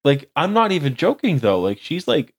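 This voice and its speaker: A man's voice: a little high, very animated, normal speed, dry recording, studio quality. A young man co-hosting a casual podcast chat, rambling with lots of "like". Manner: rambling, heavy use of "like". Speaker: podcast co-host.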